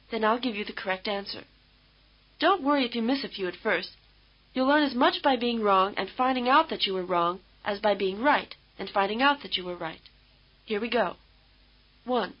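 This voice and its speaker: A woman instructor giving measured, patient, scripted explanations in a language lesson. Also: a little high, animated. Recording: dull lo-fi old course tape.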